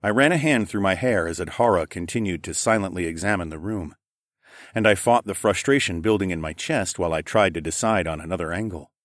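A man narrating a novel in the first person, delivering brisk narration and pushier, raised dialogue. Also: low-pitched, no room sound, clean studio sound. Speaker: audiobook narrator.

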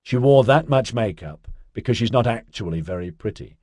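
A man voicing a wry, matter-of-fact grown man in an audiobook, speaking in his own low voice. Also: lively intonation, moderate pace, darkish tone, husky, no echo, studio quality.

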